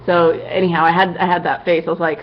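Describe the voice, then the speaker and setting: A woman's voice: fairly low pitch, flat delivery, quick pace, muffled recording, a little hiss or hum. A woman cosplayer answering fan questions in a casual vlog, chatty and upbeat with lots of "you know" asides.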